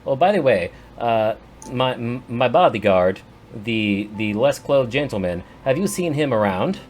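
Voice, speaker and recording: A man voicing a brisk, businesslike woman, speaking politely and formally in clipped sentences. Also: medium pitch, animated, darkish tone, soft background music, lightly acted.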